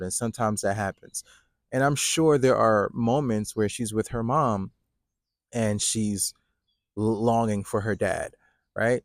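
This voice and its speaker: A man's voice: fairly low pitch, no room sound, clean studio sound. A man in his thirties talking casually about fatherhood, with lots of "like" and "right?". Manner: conversational, many fillers like "right?" and "like". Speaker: fatherhood coach. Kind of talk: casual talking-to-camera advice.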